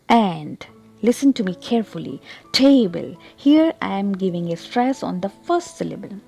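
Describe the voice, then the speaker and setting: Mellow-voiced woman teaching English pronunciation. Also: fairly low pitch, creaky. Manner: careful, deliberate explaining with demonstrated stressed words. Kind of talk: online pronunciation tutorial.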